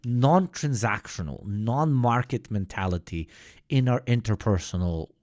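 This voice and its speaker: A man's voice: on the low side, lively intonation, a little slow, a little mellow, no room sound, clean studio sound. A man streaming live, reacting to clips with profane, ranting commentary.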